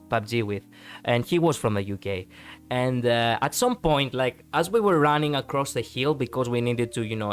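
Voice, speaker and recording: Chatty Greek-accented male streamer. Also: mid-range voice. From Greece. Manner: rambling, frequent fillers and restarts, laughs easily. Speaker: live streamer. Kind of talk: casual chat with viewers.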